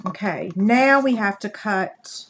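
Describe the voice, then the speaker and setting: This crafting livestream host has a medium-pitched voice and takes things slowly, with slight background noise. As she demonstrates her craft live, she chats in a folksy manner with her viewers.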